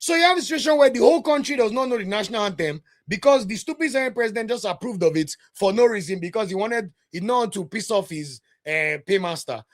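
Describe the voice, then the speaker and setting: A man's voice: high voice, expressive, fast talker, few pauses. A man hosting a live football watch-along, ranting bluntly and passionately while speaking directly to his chat, with a delivery his family compares to a preacher's. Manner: sermon-like delivery. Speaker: football podcast host.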